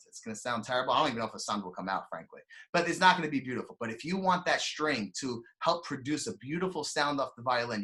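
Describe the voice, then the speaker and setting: A young man giving a storytelling sermon as a rabbi, animated and chatty, acting out voices and using lots of fillers. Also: medium pitch. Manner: animated, acts out quoted voices, frequent fillers. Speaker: rabbi giving a weekly Torah talk.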